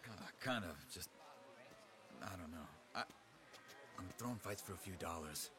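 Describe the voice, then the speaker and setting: An actor playing a weary male prizefighter who speaks low, measured and tired in a video game. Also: lively intonation. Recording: crowd noise behind.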